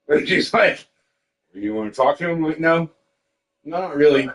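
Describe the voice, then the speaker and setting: A man's voice: mid-range voice, fairly quick, pauses often, low-quality recording. A man telling stories in casual chat, swearing often and quoting family. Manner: emotional storytelling, swears, quotes others; eating while talking. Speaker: podcast host.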